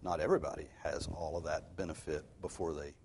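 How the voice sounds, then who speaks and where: A man's voice: rumbling low, fairly even intonation, brisk, gravelly, a little mellow, slight background noise. A man preaching an expository sermon, earnest and emphatic, posing rhetorical questions as he teaches. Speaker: pastor.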